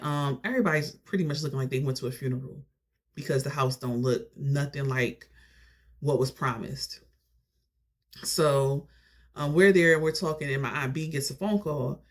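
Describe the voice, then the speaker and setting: A young adult vlogger telling a family story in a casual, animated way. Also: medium pitch, moderate pace. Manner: animated, conversational retelling.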